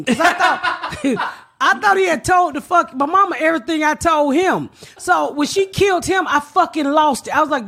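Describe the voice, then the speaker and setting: A woman comedian hosting a podcast, telling profane, animated stories and acting out the people in them. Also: high-pitched, normal speed. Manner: loud, animated, acts out quotes. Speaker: comedian host.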